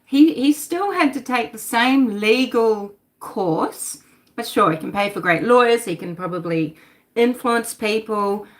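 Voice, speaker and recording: A middle-aged woman hosts a casual livestream, reading out chat comments, talking animatedly, and swearing. Her voice is fairly high in pitch and her pace a little slow.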